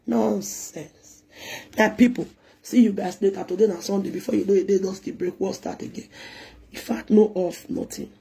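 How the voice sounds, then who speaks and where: Husky Nigerian woman ranting. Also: mid-range voice, steady tone, brisk, warm tone. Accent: Nigerian Pidgin English. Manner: scolding, insulting, switches into chanted local-language lines. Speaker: presenter. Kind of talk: ranting monologue.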